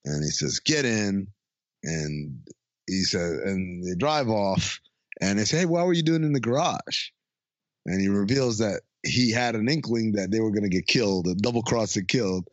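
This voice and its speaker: A man's voice: on the low side, normal speed, no room sound. A man chats casually as he recaps a comedy film, bouncing into exaggerated voices for each character and breaking into laughs. The recording is dry and a little dull, with no room sound. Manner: animated, acts out lines in funny voices, laughs often. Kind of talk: casual chat recapping a movie.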